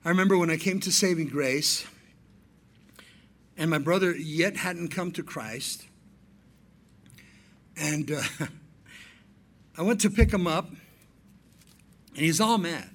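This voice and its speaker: Animated husky-voiced male pastor. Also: fairly high pitch, slow, pauses often. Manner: animated preaching with storytelling and quoted dialogue. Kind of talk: sermon.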